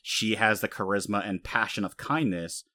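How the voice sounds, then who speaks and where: Low-voiced man recapping a story. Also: moderate pace, dry recording, clean studio sound. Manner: animated storytelling, frequent fillers. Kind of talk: casual anime recap chat.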